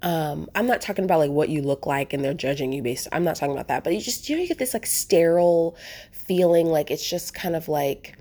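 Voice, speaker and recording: A woman's voice: sits low, animated, a little fast, warm tone. A woman telling travel stories in a casual vlog, chatty and rambling, with lots of fillers and restarts. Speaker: travel vlogger.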